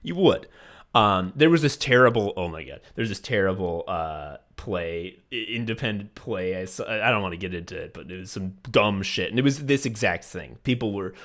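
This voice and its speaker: Expressive and fairly bright in tone, this man's lowish voice moves at a moderate pace. He co-hosts a laid-back comedy podcast, swearing through rants with mock voices and frequently laughing mid-sentence.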